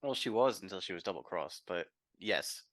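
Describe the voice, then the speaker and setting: An excitable man plays his character in a tabletop game. His voice is bright and forward, and it leaps around animatedly. He jumps in with quick reactions. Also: deep voice. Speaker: player. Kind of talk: tabletop role-play.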